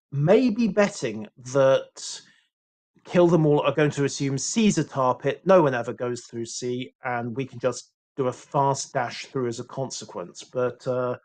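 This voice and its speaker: A man giving live esports game commentary, explaining tactics calmly with dry jokes. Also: mid-range voice. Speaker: esports caster.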